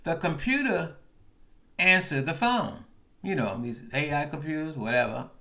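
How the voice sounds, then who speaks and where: A man hosting a podcast, delivering a comedic angry rant that swings from calm narration to bursts of yelling. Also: fairly high pitch, moderate pace. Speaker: podcast host.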